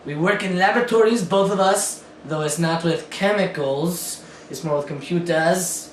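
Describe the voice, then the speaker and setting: A man's voice: high-pitched, normal speed, reverberant, a little hiss or hum, lightly acted. A young man playing an astrophysicist in an amateur skit, speaking matter-of-factly with some hesitations. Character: male astrophysicist who claims to be German.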